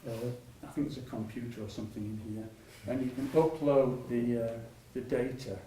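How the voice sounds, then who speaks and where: At a public talk, an older man who is a patient speaks with a steady, warm, medium-pitched voice at a moderate pace. His rambling anecdotes are full of restarts and laughter, echoing through a reverberant hall to a far-off mic with faint ambient noise behind.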